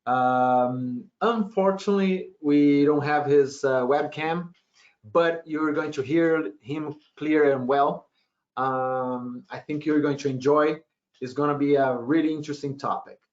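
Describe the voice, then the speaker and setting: A man's voice: fairly high pitch, steady tone, unhurried. A man moderating a webinar, introducing the guest speaker hesitantly with many filler sounds. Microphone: computer mic on a video call. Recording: dull lo-fi webinar audio.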